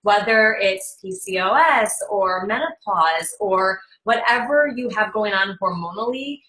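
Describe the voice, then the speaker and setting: A woman's voice: medium pitch, animated, unhurried, sharp tone, rough recording. A woman in casual chat on a live call, recommending products and acting out quoted talk. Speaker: product presenter.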